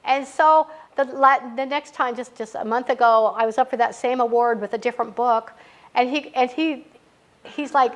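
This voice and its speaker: A woman's voice: a little high, steady tone, brisk. A middle-aged woman giving a casual writing workshop in a library meeting room, chatty and full of anecdotes that she laughs at herself. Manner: chatty, anecdotal, laughs at her own stories.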